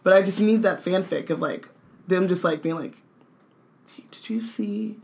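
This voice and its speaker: A woman co-hosting a casual podcast, riffing in rambling, animated bursts full of "like". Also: lowish voice, brisk. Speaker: podcast co-host. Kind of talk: casual chat.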